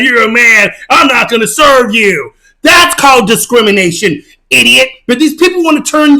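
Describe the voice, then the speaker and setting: A man giving a mocking, emphatic rant as reaction commentary on his channel, often bursting into shouts. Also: very high voice. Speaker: channel host.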